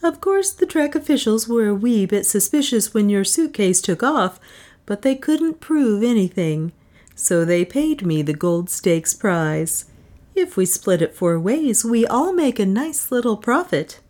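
A cheery, scheming young woman makes her case in a bright, coaxing tone, as a woman reading the story voices her. Her voice is lively and goes up and down a lot. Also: mid-range voice, a little slow, voice pushed up.

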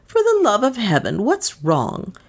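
A woman voicing an irritable, brisk elderly lady who speaks sharply and impatiently. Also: fairly low pitch, wildly swooping pitch, vocal fry, full character voice.

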